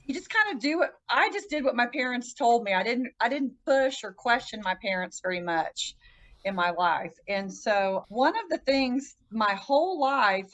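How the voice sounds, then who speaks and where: High-voiced woman telling her story. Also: a bit bright, poor audio. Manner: earnest, halting, with frequent restarts; acts out quoted voices with pitch jumps. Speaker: podcast guest. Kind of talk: casual personal storytelling.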